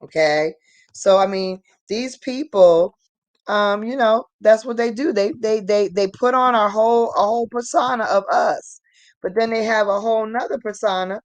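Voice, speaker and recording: A woman co-hosting a commentary, chatting emphatically at a middle pitch. Her voice is recorded dry and close, with no room sound. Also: normal speed, no room sound. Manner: emphatic, conversational. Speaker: commentary video co-host. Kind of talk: opinionated commentary.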